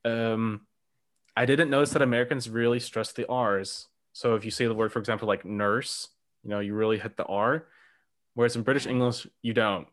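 A man hosting a podcast, with a voice of ordinary pitch. He asks his questions in a relaxed, curious way and sprinkles his talk with "um" and light laughs. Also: brisk. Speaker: podcast host. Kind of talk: casual interview chat.

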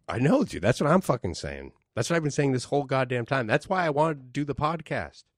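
A man's voice: medium pitch, very animated, a little fast, no room sound, studio quality. A man co-hosting a podcast in a casual, joking chat, riffing and swearing freely. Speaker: podcast co-host. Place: podcast studio.

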